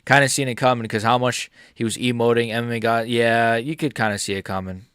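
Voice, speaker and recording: A man's voice: medium pitch, fairly even intonation, brisk, smooth, no echo, clean studio sound. Angry swearing young man ranting. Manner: swings between angry shouting and muttered grumbling, heavy swearing; chats with viewers by name. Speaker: MMA streamer reacting live. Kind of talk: live stream reaction.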